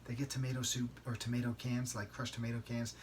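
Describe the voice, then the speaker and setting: A man hosting a solo podcast, telling a story in a conversational, emphatic way and often tagging a quick "right?" onto his sentences. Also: mid-range voice, completely flat delivery, a little hiss or hum. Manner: conversational, keeps asking "right?"; emphatic, outraged. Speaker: podcast host.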